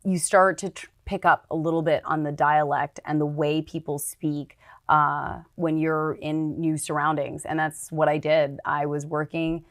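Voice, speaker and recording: A woman from Canada, a TV news reporter, chatting as a podcast guest with animated storytelling and lively swings in her voice. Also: low-pitched, measured pace, no echo, studio quality. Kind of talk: casual interview chat.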